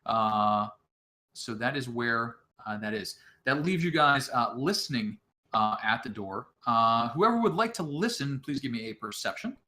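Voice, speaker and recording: A man narrating as game master of an online tabletop game, halting often with filler sounds between phrases. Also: mid-range voice, expressive, sharp tone.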